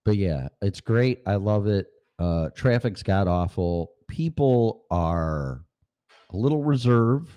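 A man hosting a podcast, rambling loosely and swearing through a casual sound check. His voice sits on the low side, and he keeps pausing to clear his throat. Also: lively intonation, mellow, dull audio. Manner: rambling and profane. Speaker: podcast host.

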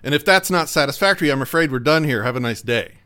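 A man putting on a calm male arbitrator who questions patiently and with mock politeness. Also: medium pitch, fast talker, clean tone. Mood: mock-polite.

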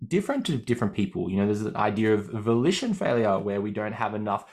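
A man's voice: fairly low pitch, sing-song, fast talker, a little mellow. A man with an Australian accent, a fitness coach explaining training ideas in a podcast, often checking in with "okay?".

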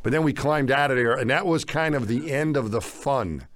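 A man casually recounting an outdoor expedition in conversation, animated and jumping up in pitch when acting out what others said. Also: normal speed, no room sound. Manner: animated, acts out quotes with big pitch jumps. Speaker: guest recounting expedition stories.

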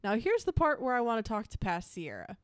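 A woman's voice: on the high side, wildly swooping pitch, brisk, clear, resonant tone, no room sound. Young woman podcast host reading her notes, jokey and self mocking, dry sound. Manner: jokey, self-mocking, reads case facts plainly. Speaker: podcast host presenting a case. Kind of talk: casual chat reading from notes.

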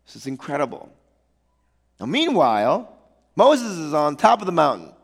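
Male pastor, high voice, gravelly edge, animated sermon storytelling, playful slang asides, echoey hall. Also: moderate pace.

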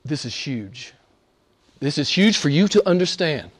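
High-pitched emphatic male preacher. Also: sing-song, measured pace, slightly rough. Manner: swings between loud emphatic peaks and hushed near-whispers; repeats phrases, asks the audience rhetorical questions. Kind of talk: sermon.

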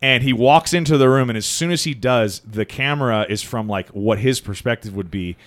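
A man's voice: mid-range voice, a little fast, dry recording. A man co-hosting a casual movie podcast, retelling scenes with acted-out quotes, lots of fillers and swearing. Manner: animated, acts out quotes, swears, frequent fillers. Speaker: podcast co-host.

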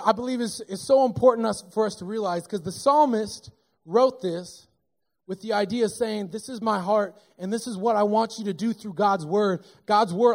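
A man with a notably high voice delivers a sermon in a church. He preaches in an animated, casual way, joking with the congregation as he teaches. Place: church sanctuary.

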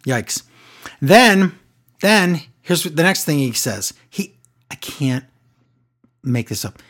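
A man co-hosting a casual wrestling recap podcast, talking in an animated way and acting out quotes in exaggerated voices. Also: a little high, takes it slowly.

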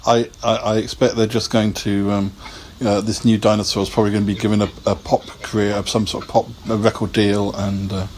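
A man co-hosting a podcast in casual chat, jokey and quick to laugh, riffing on silly ideas. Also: on the low side, flat delivery, darkish tone, slight background noise. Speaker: podcast co-host.

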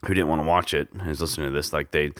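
A man's voice: very deep voice, fairly even intonation, racing, a bit bright, dry recording, clean studio sound. A man co-hosting a casual podcast, talking through a movie scene in a rambling, earnest way. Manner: rambling, restarts phrases, earnest. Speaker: podcast co-host. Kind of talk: casual chat recapping a movie.

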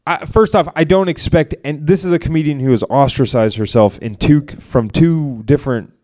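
A young man co-hosting a comedy podcast, telling a long story in a rambling, animated way and acting out what others said. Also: fairly high pitch, moderate pace. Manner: rambling, animated retelling with quoted voices. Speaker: podcast co-host. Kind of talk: casual storytelling chat.

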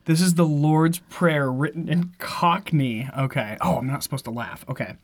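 A man in his twenties co-hosting a podcast in casual chat, laughing easily and throwing in quick asides. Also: a little high, no echo. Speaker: podcast co-host.

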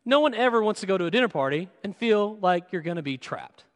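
Pastor, man, 30s; high voice, chatty self-deprecating storyteller; reverberant sanctuary. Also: lively intonation, quick pace. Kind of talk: sermon. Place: church sanctuary. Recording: long church hall reverb.

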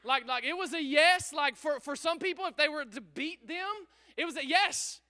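A pastor preaching a sermon with energy, repeating himself and calling out to the congregation. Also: male voice, very high-pitched, moderate pace, few pauses. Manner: energetic, repetitive, calls out to congregation. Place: church service.

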